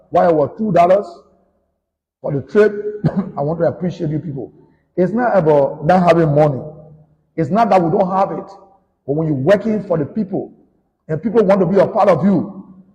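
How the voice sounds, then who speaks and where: A man with a Liberian English accent, a politician giving a combative, accusing rant that swings between shouting and muttering. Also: sits high, big-room sound, poor audio.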